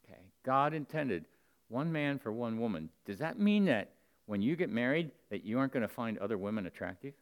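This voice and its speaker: A man preaching a sermon to the men in his congregation, earnest and direct, swinging between loud emphatic bursts and low, close asides. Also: big pitch swings, a little fast, clear, resonant tone.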